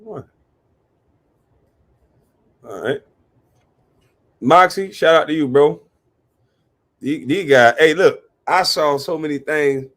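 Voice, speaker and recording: A man hosting a live reaction stream, talking animatedly, cursing and giving shout-outs to his chat. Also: fairly high pitch, slow, long pauses. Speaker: livestream reaction host.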